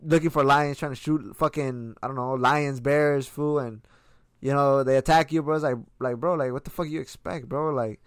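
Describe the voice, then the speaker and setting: A man's voice: mid-range voice, fairly even intonation, normal speed, no room sound. A young man in casual chat, slangy and profane, calling everyone "bro" as he rants.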